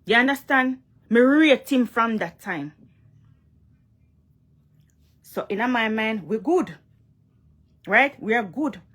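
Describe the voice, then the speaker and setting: A young Jamaican woman vlogging in a loose, emphatic way, circling back to her points and pressing the listener with questions. Her voice sits somewhat high for a woman. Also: lively intonation, a little slow, fairly bright tone. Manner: emphatic, repeats herself, asks "you understand?". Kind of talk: casual direct-to-camera vlog rant.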